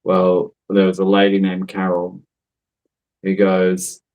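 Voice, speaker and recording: A man's voice: low-pitched, monotone, slow pace, darkish tone, low-quality recording. A man who works as a psychic medium tells a story in a casual, rambling way, full of fillers and asides. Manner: chatty, rambling, with many fillers and laughs.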